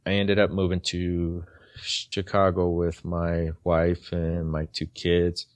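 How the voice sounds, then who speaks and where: A man in his forties speaks as a podcast guest, recounting his own story with earnest, halting phrasing and frequent restarts. His voice sits very low. The sound is close and dry, with no room around it. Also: completely flat delivery, dry recording. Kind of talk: personal story in a podcast interview.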